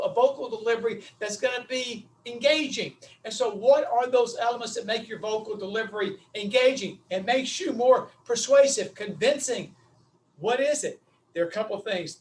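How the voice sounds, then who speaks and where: Folksy Southern man lecturing, high voice. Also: recorded from a distance, a little hiss or hum, rough recording. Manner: folksy, animated, addresses audience as "my friends". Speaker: webinar speaker on vocal delivery. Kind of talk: lively webinar lecture.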